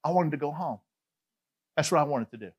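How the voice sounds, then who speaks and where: A middle-aged pastor from Atlanta, Georgia, with a Southern accent, preaches a sermon like a chatty, animated storyteller full of asides. His voice runs on the high side and fairly quick, and the sound is lo-fi.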